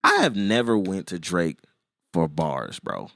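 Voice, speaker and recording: A man with a low voice chats loosely on a podcast, rambling and restarting his sentences as he goes. The recording is dry and close, with no room sound. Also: huge pitch swings, measured pace, vocal fry, bright, forceful tone, no room sound. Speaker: podcast co-host. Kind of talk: casual chat.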